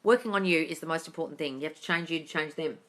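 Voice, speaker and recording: A young woman hosting a casual live Q&A from her phone, animated and blunt and swearing freely as she reads out viewer comments. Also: sits low, quick pace. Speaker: manifesting coach hosting a live Q&A. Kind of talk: casual livestream chat reading viewer comments. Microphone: phone mic on a social media live stream.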